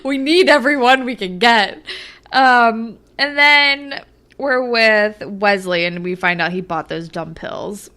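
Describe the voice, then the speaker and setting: A young woman co-hosting a casual recap podcast, her voice high and bright. She talks fast and gets animated, putting on exaggerated voices whenever she quotes the characters. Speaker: podcast co-host.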